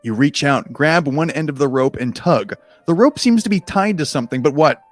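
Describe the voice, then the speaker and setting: A man's voice: a little high, animated, moderate pace, no echo, faint music behind. A man reading a choose-your-own-adventure book aloud in a casual, comedic way, with rambling, self-deprecating asides and frequent swearing.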